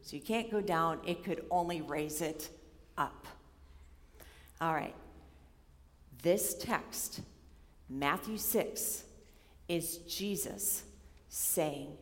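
A young woman giving a sermon built on a personal story. She is animated and acts out her own worried voice as she tells it. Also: low voice, drawn-out words, pauses often. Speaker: speaker giving a chapel talk. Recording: long hall reverb.

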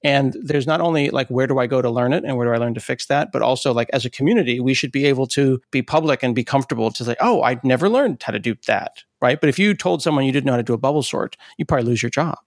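A man's voice: medium pitch, racing, hardly any pauses, no room sound, clean studio sound. A middle-aged man hosting a podcast interview, chatty, encouraging and enthusiastic. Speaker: podcast host. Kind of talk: casual interview chat.

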